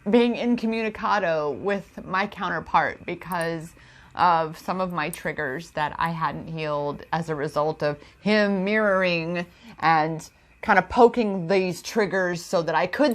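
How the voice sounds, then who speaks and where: A woman's voice: on the low side, unhurried. Emotional woman sharing a spiritual vlog. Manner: emotional, confiding, addresses viewers as goddess; spiritual self-help talk. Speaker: empowerment coach. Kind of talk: personal vlog monologue.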